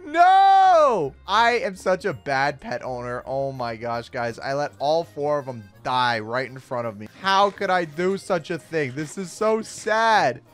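A young man hosting a Minecraft let's-play, excitable, gasping and shouting at surprises. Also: medium pitch, normal speed, few pauses. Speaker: gaming YouTuber host. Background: faint background music.

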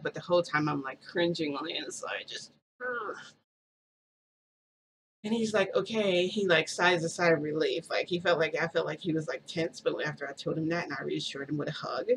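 A woman's voice: low voice, slight background noise, rough recording. A woman vlogger telling a story in a rambling, casual way, full of "like" and restarts.

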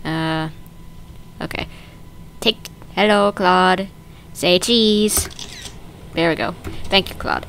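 A woman's voice: lowish voice, level tone, normal speed, creaky, pauses often, fairly bright tone, slight background noise. A woman hosting a let's-play video, casually narrating her moves in a chatty, playful way. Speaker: gaming video host.

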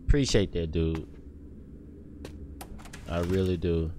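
A young man streaming a horror game, jumpy and excitable, talking in slang to his chat. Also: sits low, slow, slight background noise. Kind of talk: live horror gameplay commentary.

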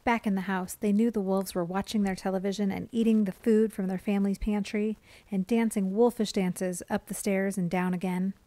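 A woman reading a children's storybook aloud, expressive and slowing for spooky moments. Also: medium pitch, no echo. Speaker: read-aloud narrator.

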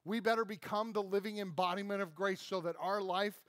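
High-voiced, emphatic male pastor. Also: steady tone, brisk, fairly bright tone, dry recording. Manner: emphatic, conversational, frequent "right?" asides. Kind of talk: sermon. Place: church.

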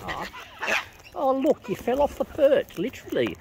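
A woman's voice: low voice, big pitch swings, measured pace. A woman chatting playfully to wild birds as she feeds them outdoors, cooing and teasing them. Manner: coos and baby-talks to birds, playful. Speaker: vlogger feeding wild birds. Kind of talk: casual chat to birds. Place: outdoors at a bird feeding spot. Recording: noisy outdoor audio with bird sounds. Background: birds chattering and clicks.

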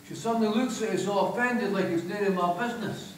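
A man's voice: sits high, fast, a little hiss or hum. A middle-aged man with a Scottish accent reading his crude comic first-person fiction live on a theatre stage, broad, sweary and wry in dialect. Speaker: author reading aloud. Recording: echoey theatre from a distance.

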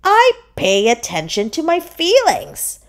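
A woman voicing a calm, patient grown-up female shark who explains things firmly. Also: very high-pitched, slow pace, pitched above the performer's own voice, heavily acted.

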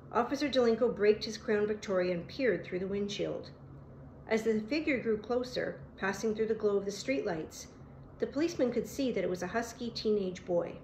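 A woman reading a novel aloud as an audiobook narrator, steady and even, fixing small slips as she goes. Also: medium pitch, slight background noise. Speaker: audiobook reader. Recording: roomy echo.

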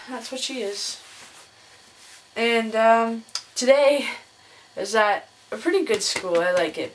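A young woman vlogging casually to her camera, chatty and laughing often as she tells stories. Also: a little hiss or hum. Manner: chatty, laughs often, mimics others in a higher voice. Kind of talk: casual chat.

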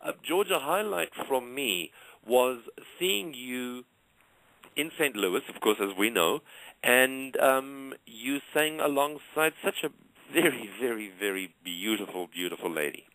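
A man's voice: medium pitch, lively intonation, a little slow, sharp tone, dry recording, poor audio. A man hosting a radio interview, effusive and full of gushing praise. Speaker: radio show host.

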